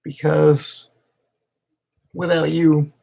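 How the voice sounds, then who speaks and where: A man speaking into a camera in a heartfelt personal video message to his partner, emotional and halting, with restarts and pauses. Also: a little high, little pitch movement, creaky, mellow, breathy edge.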